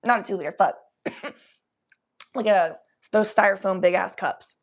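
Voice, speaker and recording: Gravelly woman chatting on stream. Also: mid-range voice, a little slow. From Cincinnati, US Midwest. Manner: loose, chatty, swears freely. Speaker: livestreamer. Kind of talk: casual livestream chat.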